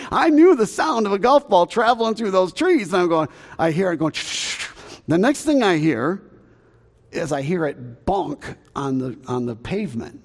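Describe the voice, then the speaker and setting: A middle-aged man with a Southern American accent, preaching as a pastor and telling a story with acted-out shouts and sounds. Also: high voice, gravelly, big-room sound. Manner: animated, acts out shouts and sounds, chuckles at his own jokes. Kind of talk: storytelling sermon. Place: church sanctuary.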